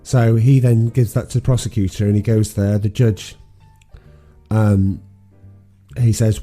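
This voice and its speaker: A man's voice: fairly low pitch, level tone, a little slow, warm tone, soft background music. A man co-hosting a podcast, casually retelling a film plot with many ums and restarts. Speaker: podcast co-host. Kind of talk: casual film recap chat.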